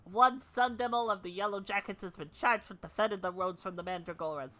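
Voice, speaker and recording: A woman voicing a nervous, worried male cook's assistant in a video game, speaking lower and softer than her own voice. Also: a little fast, natural voice. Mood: fretful.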